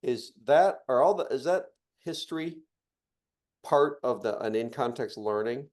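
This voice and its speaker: A man's voice: medium pitch, expressive, measured pace, darkish tone. A man hosting a casual chat, curious, thinking aloud and asking follow-up questions.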